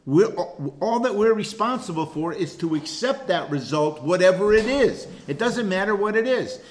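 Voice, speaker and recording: A man's voice: high-pitched, expressive, moderate pace. Earnest man leading a Bible class. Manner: earnest, repeats words when thinking. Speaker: Bible study teacher. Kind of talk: casual Bible class teaching.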